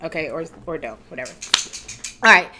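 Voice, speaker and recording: A woman's voice: expressive, fairly quick, noisy background. A woman hosting a casual live Q&A at home, giving direct, chatty advice. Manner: chatty, direct, acts out quoted people in higher voices. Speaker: wedding planning host.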